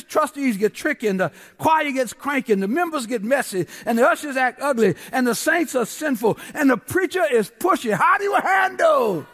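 High-voiced preacher in a reverberant church. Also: male voice, a bit bright. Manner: rhythmic preaching with repeated refrains and call to the congregation. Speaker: guest pastor. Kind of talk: sermon. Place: large church. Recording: long church hall reverb.

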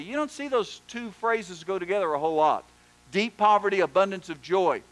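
A pastor preaching a sermon, telling stories and doing animated voices for the people in them. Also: male voice, on the high side, rough recording. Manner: storytelling, animated joke voices.

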